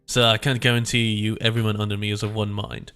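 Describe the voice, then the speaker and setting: A man's voice: fairly low pitch, flat delivery, fast talker, a bit bright, smooth, soft background music. A man voicing a stoic elderly woman who represents factory workers, speaking plainly and steadily. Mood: steady.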